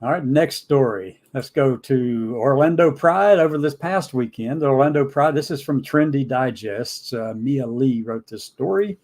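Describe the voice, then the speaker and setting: A man's voice: mid-range voice, expressive, unhurried, few pauses, a little mellow. A man hosting a live news and talk stream, rambling, repeating himself and acting out the people in his stories. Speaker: host. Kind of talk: casual news commentary. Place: home studio, streamed live.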